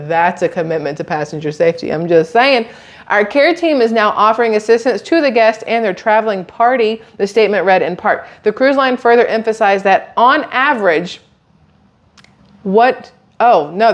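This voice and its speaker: A woman with a drawl talks casually to her viewers, reading a news story aloud. She breaks off often for wry, sarcastic comments and trips over hard words, and her voice sits in a middle pitch. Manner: chatty, sarcastic asides, stumbles over words.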